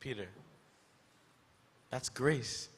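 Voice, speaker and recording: A man plays Jesus as a calm, patient teacher with a gentle way of speaking. His pitch sits in a middle range. The voice echoes through a large, reverberant school hall. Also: very slow, slightly rough. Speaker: student actor in a school skit. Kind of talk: stage skit acting. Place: school auditorium.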